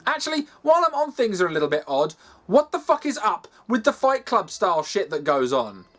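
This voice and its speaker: A man reviewing a game from his home games room, swearing freely and sounding exasperated. His pitch swings widely as he rants, and his delivery is animated and full of mock outrage. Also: fairly quick. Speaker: gaming video host. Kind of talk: ranting game review over gameplay.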